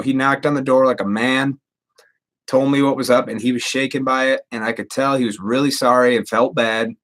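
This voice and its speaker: A man's voice: medium pitch, fairly bright tone. A man in his thirties rambling casually and profanely to viewers on a live stream. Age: 30s.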